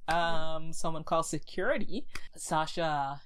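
Woman, low pitch, casual chat, rambling recap, acts out quotes. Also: slow, a little hiss or hum, poor audio. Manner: animated storytelling with many fillers, acting out quotes. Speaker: podcast co-host recapping a show.

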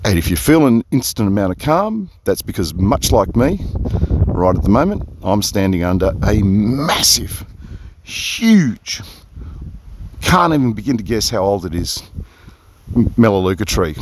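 Man, lowish voice, chatty rambling diary, phone-close outdoor sound. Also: sing-song, unhurried, background noise. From Perth, Australia. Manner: rambling, easily sidetracked, chatty asides. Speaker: audio diarist. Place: outdoors under a big tree, windy. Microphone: phone resting close on his face.

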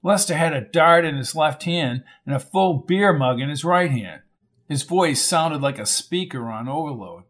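A man narrating a crime novel in a steady, measured reading. His voice sits a little high for a man. He keeps an even, storytelling pace through the scenes. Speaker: audiobook narrator. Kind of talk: scripted narration.

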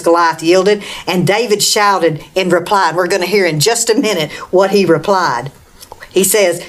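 A woman's voice: lowish voice, normal speed. A woman preaching a Bible lesson, reading scripture aloud and calling "Amen?" to her listeners. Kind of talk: bible teaching talk.

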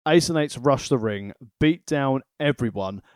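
A man hosts a casual podcast recap, breaking down the action in a sweary, analytical way. His pitch moves around a lot. The sound is dry and close. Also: expressive, measured pace, dry recording. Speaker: podcast host.

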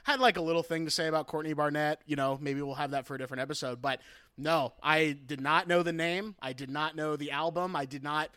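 A man co-hosting a music podcast, telling stories quickly in casual chat. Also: a little high, a bit bright, clear, resonant tone, no room sound, studio quality. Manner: quick, chatty storytelling. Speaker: podcast co-host.

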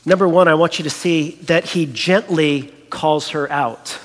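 A man preaching a sermon as a pastor, animated and storytelling, acting out the voices he quotes. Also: fairly high pitch, measured pace, long reverb tail.

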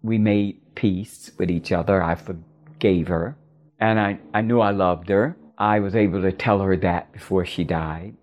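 Older woman from Florida, storyteller, halting intimate delivery. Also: a bass voice, fairly even intonation, highs cut off. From Florida, USA. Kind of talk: personal story narration.

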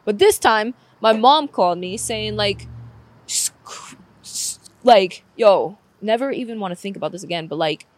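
A woman's voice: medium pitch, animated, a little slow. A young woman telling a painful personal story with candor and frequent swearing, close to tears at times. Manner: candid, swears often, says "like" a lot. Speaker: podcast guest.

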